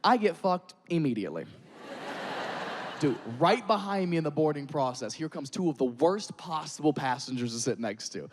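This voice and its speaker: High-voiced man telling crude stories. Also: a little mellow, big-room sound, a little hiss or hum. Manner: quick, crude storytelling. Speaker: stand-up comedian. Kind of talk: stand-up routine. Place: comedy stage with live audience.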